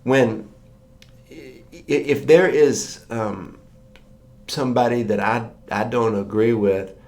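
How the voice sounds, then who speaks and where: A man's voice: mid-range voice, slow, darkish tone. Storytelling man preaching a morning sermon. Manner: conversational storytelling, acts out quoted voices.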